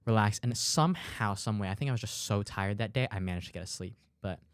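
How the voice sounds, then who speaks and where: A young man co-hosting a podcast, telling stories in an animated way and acting out the people in them. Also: fairly low pitch, quick pace, dry recording, studio quality. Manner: animated storyteller, acts out dialogue, fillers like "dude". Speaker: podcast co-host. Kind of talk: casual chat.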